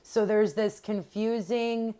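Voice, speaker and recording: A woman's voice: medium pitch, steady tone, slow, dark tone. A young woman giving a casual, rambling tarot reading straight to camera, with many fillers and restarts. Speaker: tarot reader.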